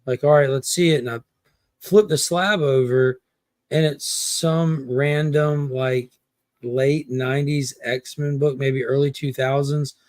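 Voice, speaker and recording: A man in casual livestream chat, telling a haggling story and acting out the quotes in an animated way. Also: mid-range voice, slow pace, no echo. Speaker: comic collector guest.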